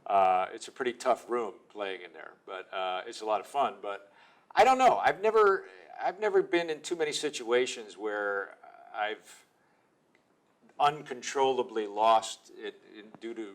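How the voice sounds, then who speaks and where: A man with a low voice answers interview questions about his acting work. He speaks in a low-key, reflective, self-deprecating way, without much show. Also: measured pace. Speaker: actor guest. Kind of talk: casual interview talk.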